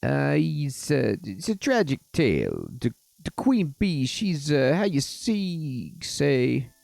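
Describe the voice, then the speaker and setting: A man's voice: on the high side, wildly swooping pitch, gravelly, a little mellow, no echo, voice pushed up, full character voice. A man putting on a hammy mobster fairy godfather. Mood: theatrical. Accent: exaggerated mock Italian. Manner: halting, broken English with hesitations. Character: scheming mafia-style male fairy godfather.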